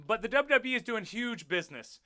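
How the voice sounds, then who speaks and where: A man's voice: extremely high pitch, animated, brisk, sharp tone, dry recording, studio quality. A man who wrestles, hosting a casual livestream and chatting with viewers in a rambling, profane, jokey way. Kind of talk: casual livestream chat reading comments.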